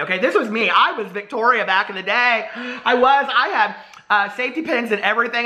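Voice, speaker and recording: A man in his forties talks through a book review in a casual, chatty vlog. His voice is bright and forceful. He keeps up an animated, rambling flow full of asides. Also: sits high. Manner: animated and chatty, lots of "like" and laughter.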